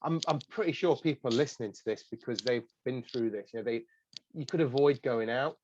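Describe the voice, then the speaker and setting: A man's voice: medium pitch, fairly quick, dull audio, background noise. An English man co-hosting a podcast, teasing his co-host in casual chat. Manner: teasing, jokey.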